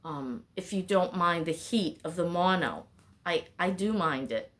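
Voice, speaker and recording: A middle-aged woman vlogs from home, her voice on the low side, a bit bright and expressive, moving at a measured pace. It's a casual talking-head chat, rambling and chatty, and she keeps breaking off her own thoughts.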